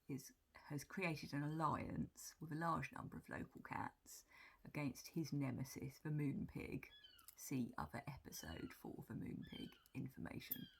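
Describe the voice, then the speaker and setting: A woman telling stories about her cats in a soft, breathy whisper, in a whispered role-play style. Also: low voice. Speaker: cat vlogger.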